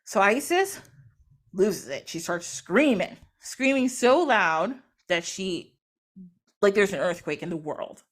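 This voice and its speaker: A woman's voice: medium pitch, animated, takes it slowly. A woman retelling a myth in casual storytelling style, chatty, acting out the characters through quoted dialogue. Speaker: podcast host or guest.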